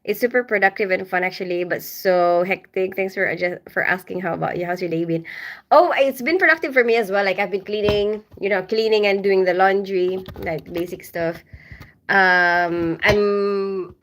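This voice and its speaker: A woman's voice: medium pitch, normal speed, fairly bright tone, slight background noise. A middle-aged woman from the Philippines hosting a casual livestream from home, reading comments and greeting viewers by name with frequent laughter. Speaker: livestream host.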